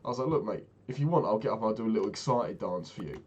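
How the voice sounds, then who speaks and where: A man's voice: lowish voice, lively intonation, rapid-fire, highs cut off, slight background noise. A young man casually recounting a frustrating meeting, exasperated and swearing freely as he talks. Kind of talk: casual storytelling rant.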